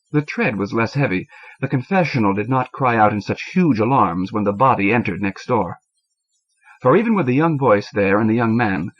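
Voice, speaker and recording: A man reading a short story aloud, measured and expressive. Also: mid-range voice. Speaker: audiobook reader. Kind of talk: scripted narration. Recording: dull lo-fi cassette audio.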